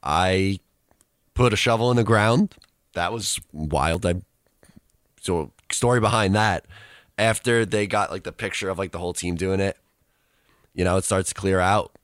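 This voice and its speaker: A man's voice: deep voice, normal speed, pauses often, a bit bright, no echo, studio quality. A young man co-hosting a casual chat, rambling through an anecdote and laughing as he tells it. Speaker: co-host, student radio reporter.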